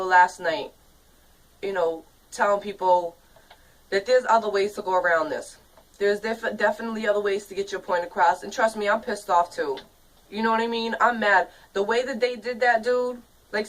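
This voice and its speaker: A woman in her thirties delivers a casual vlog rant that is angry, profane and rambling, full of fillers. Her voice is of middle pitch. She sits a little back from the microphone, so it sounds slightly distant. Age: 30s.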